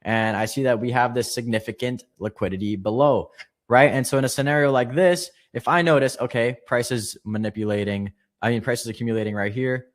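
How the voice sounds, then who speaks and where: A man teaching a live online trading lesson, explaining quickly and casually with fillers. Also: medium pitch, steady tone. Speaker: trading instructor.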